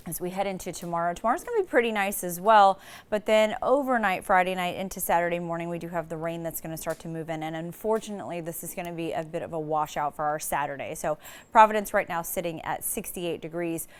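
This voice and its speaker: A woman's voice: on the low side, fast, smooth. A woman meteorologist giving a live TV weather forecast in a casual, rambling way, starting many sentences with "so" and restarting a few phrases.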